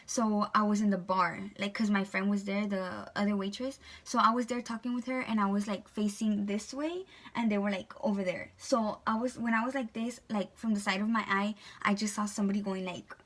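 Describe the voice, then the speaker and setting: A woman's voice: medium pitch, fairly even intonation, brisk, hardly any pauses. A young woman vlogger telling a storytime in a chatty way, full of "like" and "um". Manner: chatty, filler-heavy, lots of "like" and "um". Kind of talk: storytime vlog.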